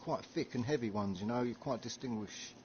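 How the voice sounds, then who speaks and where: A man's voice: medium pitch, a little fast, darkish tone. An English man chatting in game voice chat, cheering teammates and calling out plays. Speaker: gamer. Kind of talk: casual voice chat while gaming. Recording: lo-fi mic with faint game noise.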